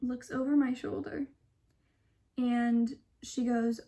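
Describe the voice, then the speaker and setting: A woman's voice: a little high, fairly even intonation, normal speed, warm tone. A young woman telling a personal story in a casual, chatty vlog, full of asides, dropping into whispers for quoted lines. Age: young adult. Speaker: vlogger.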